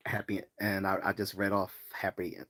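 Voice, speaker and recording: Reading chat comments aloud during a casual livestream, this Baltimore host from the US East Coast rambles with plenty of fillers and restarts. He has a low voice with a fairly bright tone.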